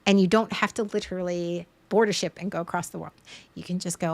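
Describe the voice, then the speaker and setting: A woman in her thirties chats emotionally on a stream, speaking earnestly, openly and vulnerably as a parent about fear, sometimes tearful. Her voice is on the low side, with fairly even intonation and a quick pace.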